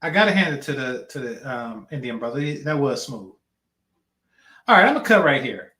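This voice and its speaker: A man's voice: mid-range voice, very animated, fairly quick, pushed and bright, roomy sound. A man hosting a reaction channel, giving blunt, slangy commentary on a clip.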